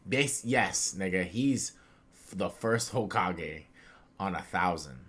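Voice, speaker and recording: A young man chatting casually on a podcast, excitable and slangy, acting out characters' lines with big swings in his voice. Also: deep voice, slow pace, husky. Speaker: podcast co-host. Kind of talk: casual chat.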